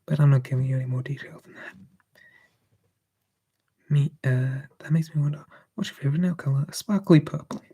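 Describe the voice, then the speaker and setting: A man streaming live ASMR, whispering softly and answering chat in a relaxed way. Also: a little high, fairly quick, long pauses, husky.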